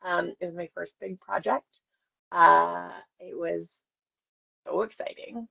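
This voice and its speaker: A woman's voice: on the low side, fairly even intonation, takes it slowly, gravelly, bright, forceful tone, husky. A woman in her forties, an actress chatting with fans and telling stories on a live stream while signing autographs. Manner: chatty, self-deprecating, storytelling. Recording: dull lo-fi stream audio.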